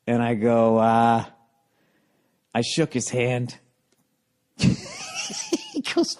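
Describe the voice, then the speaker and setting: A man telling a comic story on a talk show, profane and animated, swinging between loud bursts and quiet asides. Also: mid-range voice, takes it slowly, long pauses. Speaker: comedian guest. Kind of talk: comedic storytelling.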